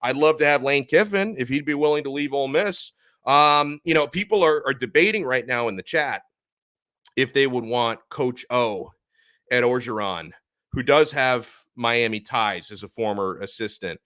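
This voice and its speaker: A man's voice: mid-range voice, moderate pace, a bit bright, dry recording. A man hosting a live sports talk stream, speaking emphatically and reading out chat comments as he goes.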